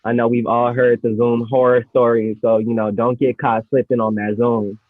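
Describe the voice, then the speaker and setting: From home on a remote video call, a man hosts a poetry slam and recites a poem, playful, full of slang, and laughing often, mixing casual hosting with performance poetry. His medium-pitched voice keeps a level tone at normal speed, and the audio is tinny and lo-fi.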